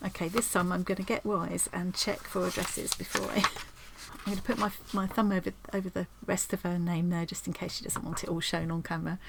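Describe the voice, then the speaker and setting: A woman's voice: on the low side, flat delivery, fairly quick, creaky, background noise. A woman chatting at home in a craft vlog, rambling and effusive, often restarting her sentences. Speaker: craft vlogger. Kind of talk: casual chat while opening post.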